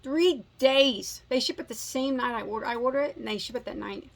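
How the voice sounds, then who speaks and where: A woman's voice: on the high side, fast talker, gravelly. A woman in her forties hosting a crochet channel, chatting casually in a rambling, self-mocking, joking way. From United States. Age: 40s. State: slightly out of breath. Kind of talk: casual chat.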